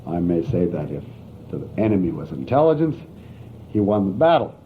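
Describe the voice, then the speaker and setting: A man's voice: sits low, sing-song, moderate pace. A man giving a university philosophy lecture in an emphatic, wry manner. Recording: tinny, lo-fi archival lecture tape with faint hiss.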